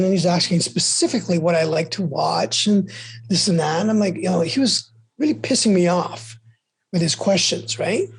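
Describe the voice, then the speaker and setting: A man's voice: high-pitched, husky. A middle-aged man speaking as a podcast guest, telling his story candidly and emphatically, often restarting and repeating himself. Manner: emphatic, with frequent restarts and repetitions. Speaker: podcast guest, abuse-survivor advocate.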